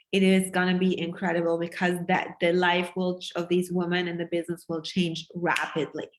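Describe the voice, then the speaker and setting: A woman who works as a business coach delivers a passionate, emphatic sales pitch live to her online group. She swears freely as she talks.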